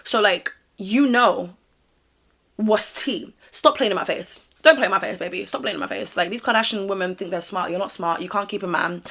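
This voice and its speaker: A woman commenting to camera in a sassy, direct way, her voice going a little hoarse. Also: mid-range voice, moderate pace, a bit bright. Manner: sassy, direct, calls viewer babe. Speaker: commentary vlogger. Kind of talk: casual opinion chat to camera.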